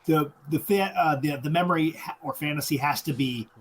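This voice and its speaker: A man co-hosting a podcast, explaining movie details in halting bursts with many restarts. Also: a little high, a bit bright, a little hiss or hum, rough recording. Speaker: podcast co-host. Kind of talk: casual movie discussion.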